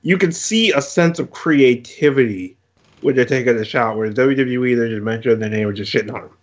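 A man's voice: mid-range voice, brisk, highs cut off. A man co-hosting a casual podcast chat, joking and teasing, with a profane streak. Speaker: podcast co-host.

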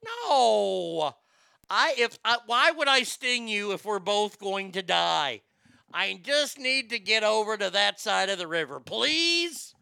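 A man's voice: high-pitched, sing-song, takes it slowly, gravelly, bright, forceful tone, clear, resonant tone, no room sound, clean studio sound, exaggerated voice. A man doing a sly, wheedling scorpion. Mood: pleading. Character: sly pleading male scorpion in a fable.

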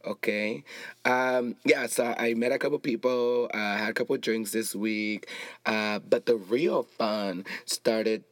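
A man's voice: fairly low pitch, fairly even intonation, takes it slowly, no echo. A man from Los Angeles hosting a casual solo podcast, chatty and rambling with playful asides. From Los Angeles, United States. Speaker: podcast host.

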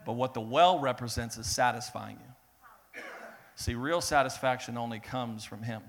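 A man preaching a sermon in a lively way, acting out the people in his story and swinging between loud bursts and hushed lines. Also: medium pitch, normal speed, gravelly. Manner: animated, acts out voices of biblical figures, swings between loud and hushed. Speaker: pastor.

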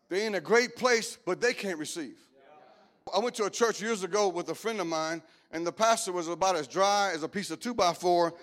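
High-voiced Cajun preacher man. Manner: joking, animated, breaking into shouts and whoops. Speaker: pastor. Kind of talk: humorous preaching.

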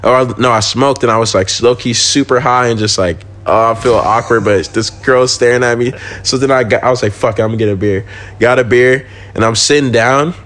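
A man's voice: mid-range voice, fairly quick, fairly bright tone. Young male guest, loose slangy storyteller, swears freely, mid-range voice. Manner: slangy, swearing, laughs while telling stories. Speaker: podcast guest. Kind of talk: casual storytelling.

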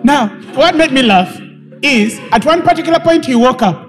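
A man preaches a sermon to a room full of people. His voice is strikingly high and very lively, and he builds emphatically into shouted, repeated lines. Music plays clearly behind him. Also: normal speed. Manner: emphatic, rising to shouts, repetitive. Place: church hall with congregation.

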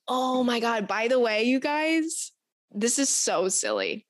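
A woman's voice: a little high, a little fast, dry recording, clean studio sound. Chatty New woman hosting a podcast. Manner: chatty, animated, laughs often. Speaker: podcast host. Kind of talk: casual chat.

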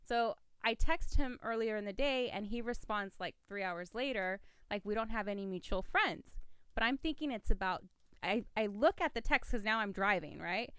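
A woman with a bright, clean, slightly high voice, chatting on a podcast. She is an animated storyteller who jumps up into excited quoted lines, and the recording is close and dry. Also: moderate pace, clear, resonant tone, no echo. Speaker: podcast guest. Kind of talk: casual podcast chat.

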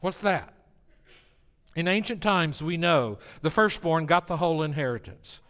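A man delivering a sermon in a fairly high voice, dropping to near-hushed solemnity and then rising to emphatic bursts. His words ring out with a long reverb, as in a large hall. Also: lively intonation, measured pace. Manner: dynamic preaching, swinging from hushed to emphatic. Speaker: preacher.

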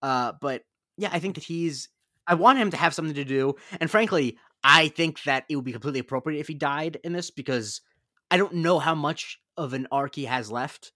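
A man's voice: fairly high pitch, brisk, sharp tone, dry recording, studio quality. A man co-hosting a podcast in casual chat, rambling and opinionated with frequent restarts. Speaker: podcast co-host.

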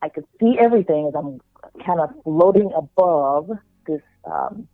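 A woman's voice: sits low, animated, normal speed, dry recording. A middle-aged woman guest in a casual interview, telling a vivid personal story and acting out what others thought. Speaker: guest, spiritual practitioner. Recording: tinny phone-like line.

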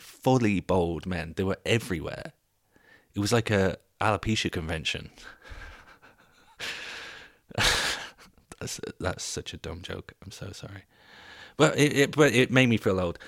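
A man's voice: low voice, dry recording, studio quality. A man in his thirties hosting a podcast alone, telling a rambling, self-mocking, sweary comic story. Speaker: podcast host. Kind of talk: casual comic monologue.

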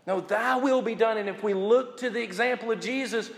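A man preaching a sermon as pastor, building to emphatic, drawn-out repeated phrases and dropping low for quiet asides. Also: vocal fry, in a large hall.

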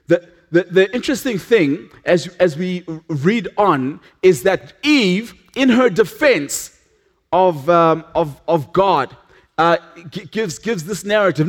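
A man preaching in a notably high voice, speaking earnestly to a church service. He stumbles and restarts often, then sinks to a hushed tone to drive a point home. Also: animated, a little slow. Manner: earnest, with frequent restarts and dramatic drops to a hush. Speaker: pastor. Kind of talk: sermon.

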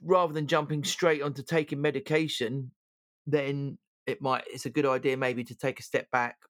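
A man's voice: mid-range voice, flat delivery, normal speed, no room sound. A man co-hosting a casual chat show, talking loosely with many fillers and restarts. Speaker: podcast co-host.

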